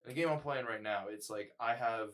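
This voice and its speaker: A man co-hosting a casual podcast, talking in an excited, rambling way, full of fillers and swearing. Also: medium pitch, brisk. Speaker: podcast co-host.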